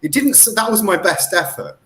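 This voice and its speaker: A middle-aged man spins a story in an interview, his voice sitting a touch high and leaping up and down as he gets worked up. He talks in an excitable rush of half-finished phrases and self-corrections. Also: a little fast. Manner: animated, excitable retelling with lots of self-corrections. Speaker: guest researcher.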